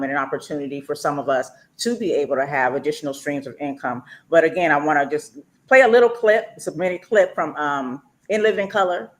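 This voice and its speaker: A woman hosting a talk show, chatty and loose, with many fillers. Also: sits low. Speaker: radio show host.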